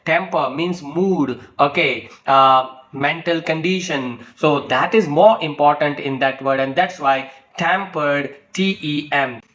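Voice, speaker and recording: Higher-voiced man teaching an English lesson. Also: a little slow, few pauses, fairly bright tone, muffled recording. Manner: explanatory, spells out syllables letter by letter; tag questions and fillers like okay and you know. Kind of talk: spoken lesson.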